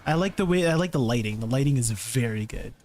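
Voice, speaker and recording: A young, non-British man streams a game and chats casually with viewers, easily amused and rambling with restarts. His medium-pitched voice is lively, fast, and a little mellow.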